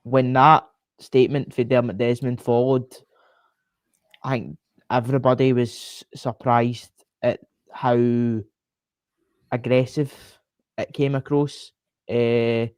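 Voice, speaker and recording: A Scottish man co-hosts a podcast in a mid-pitched voice. He speaks with animated energy, using lots of "uh" and "aye". The recording is dry and close. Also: dry recording. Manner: animated, many fillers like uh and aye. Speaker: podcast co-host. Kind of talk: casual podcast chat.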